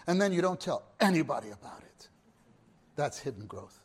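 A man preaching a sermon. He swings from hushed murmurs to loud exclamations, repeats his phrases and keeps asking his listeners questions. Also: fairly high pitch, sing-song, moderate pace, husky.

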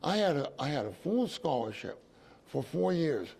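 A man delivers a sermon testimony in a gravelly, husky voice that sits a little high for a man. His tone is dark and mellow, and he tells his story in a loose, repeating way, breaking off now and then to reassure his listeners. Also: sing-song, moderate pace. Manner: storytelling, repeats phrases, asides to the congregation. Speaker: preacher.

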